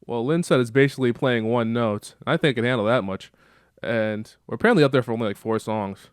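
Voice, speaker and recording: A man's voice: mid-range voice, fast, clear, resonant tone, no echo, clean studio sound, close to an everyday voice. A man doing a cheerful golden-retriever guy. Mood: easygoing.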